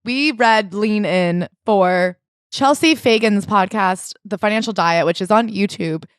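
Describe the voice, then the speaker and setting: Woman podcast co-host, casual animated storyteller, mid-pitched voice, dry close sound. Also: measured pace, no room sound. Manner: animated storytelling, retelling events with quoted voices. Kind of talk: casual book-club chat.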